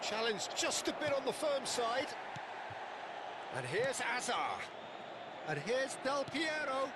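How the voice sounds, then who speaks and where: A high, lively football play-by-play commentator in a video game, his calls swinging widely in pitch. He gets excited and shouts when a goal goes in. Heavy noise sits under the game audio. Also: slow, exaggerated voice. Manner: excitable, rising to shouts on goals. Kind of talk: scripted sports commentary.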